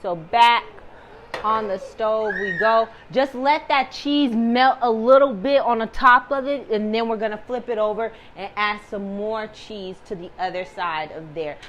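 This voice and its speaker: A woman's voice: on the high side, a little slow, echoey room, distant mic, slight background noise, poor audio. A woman hosting a casual home cooking video, chatty and reassuring, calling the viewer baby. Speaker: cooking vlog host. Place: home kitchen.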